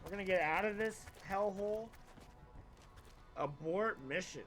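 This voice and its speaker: A man's voice: high voice, measured pace, a bit bright, faint music behind. A young man streaming a game, chatting casually in a rambling, crude, joking way. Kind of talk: casual live-stream chat while gaming.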